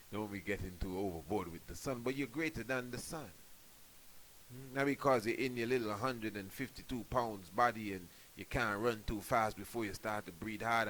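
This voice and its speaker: A man's voice: lowish voice, a bit bright, slight background noise, rough recording. A man, a priest giving a spiritual radio talk, emphatic and preaching, often tossing in rhetorical questions and "you know".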